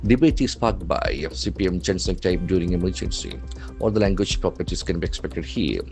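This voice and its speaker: A man teaching vocabulary from the newspaper, spelling words out letter by letter and repeating them for practice. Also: sits low. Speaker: English language trainer.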